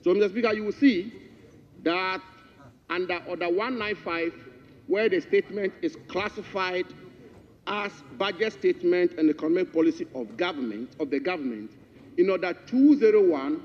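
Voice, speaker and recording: A man with a Ghanaian English accent making a formal statement in parliament, deliberate and emphatic, repeating formal courtesies. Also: high-pitched. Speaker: member of parliament. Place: large parliamentary chamber. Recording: dull broadcast feed, long chamber reverb.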